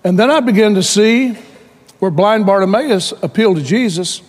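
High-voiced preacher man in an echoing hall. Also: moderate pace. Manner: storytelling preacher who rises to shouting when quoting. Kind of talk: sermon.

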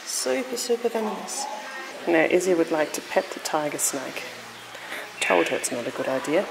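A woman's voice: low voice, lively intonation, normal speed, gravelly, background noise. A young woman chatting casually to camera as a travel vlogger, upbeat and laughing often, sometimes talking to her toddler, recorded outdoors on a handheld camera. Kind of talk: casual travel vlog chat. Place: outdoors at a beach and a busy reptile park.

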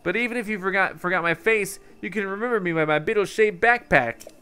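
A man's voice: quick pace, bright, forceful tone, slight background noise. Beetle, a man putting on a perky merchant. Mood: salesy. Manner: salesy, upbeat, chuckling through the pitch. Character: chatty male traveling bug merchant with an accent.

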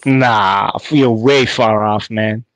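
A man's voice: on the low side, steady tone, takes it slowly, a bit bright, dry recording, poor audio. A man from Canada calling in to a live chat, laid-back and teasing. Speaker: caller.

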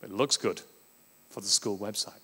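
A man from Australia giving a conference talk on education, animated and acting out classroom scenes. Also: fairly low pitch, moderate pace, slightly rough. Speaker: education speaker. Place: conference hall. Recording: reverberant hall.

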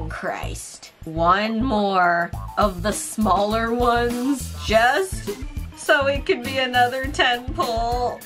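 A woman streaming a game, reacting in a dramatic, pleading way with plenty of swearing. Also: medium pitch. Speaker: gaming streamer. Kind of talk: emotional casual reaction vlog. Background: game music.

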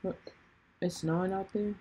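A woman's voice: medium pitch, steady tone, normal speed, dark tone, breathy edge. A woman vlogger in a casual video chat with strangers, teasing and playful. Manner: teasing, playful, slips into mock crying. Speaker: vlogger chatting with strangers online.

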